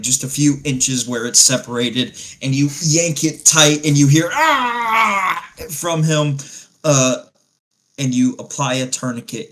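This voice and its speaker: A man's voice: medium pitch, a bit bright, rough recording. A man narrating a tabletop game as game master, in a loose, rambling way with many fillers.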